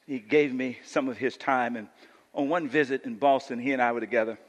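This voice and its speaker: A man preaching a sermon as pastor, animated and sometimes rising to near shouts. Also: mid-range voice, brisk. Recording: long church-hall reverb.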